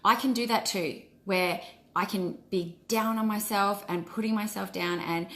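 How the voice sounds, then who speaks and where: A woman's voice: mid-range voice, fairly even intonation, a little slow, sharp tone. Earnest woman coach in an echoey room. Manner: earnest and encouraging. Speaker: wellness coach. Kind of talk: casual live-stream talk. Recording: roomy echo.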